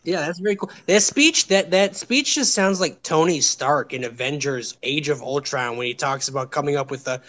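Slightly higher-voiced guy cracking jokes and doing bits on a comedy talk show. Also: moderate pace, few pauses, sharp tone. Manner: mocking, riffs with impressions. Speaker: podcast co-host. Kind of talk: casual comedic chat.

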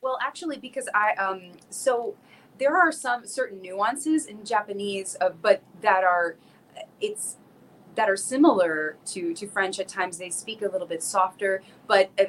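Woman podcast guest, singer type, chatty and rambling, bright voice, faint background hum. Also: mid-range voice, normal speed, rough recording. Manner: rambling, restarts often, laughs easily. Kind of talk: casual interview chat.

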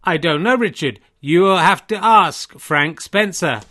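A man voicing a show-off male impressionist who is a version of himself, speaking in a drawn-out, theatrical way. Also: sits high, expressive, sharp tone, full character voice. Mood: smug.

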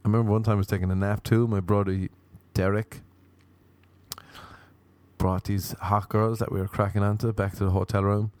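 A man's voice: on the low side, little pitch movement, normal speed, a little mellow, no echo. An Irish man telling rambling, profane comic stories in a wry, offhand way. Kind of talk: casual comedic monologue.

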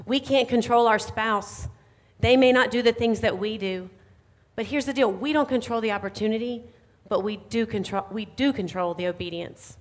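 A middle-aged woman giving an earnest, confessional sermon, animated when she quotes herself. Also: fairly high pitch. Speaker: pastor's wife, co-speaker.

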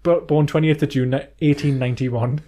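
Excitable swearing man. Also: fairly high pitch, a little fast. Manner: excitable, swears freely, jokey. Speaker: podcast co-host. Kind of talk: casual banter.

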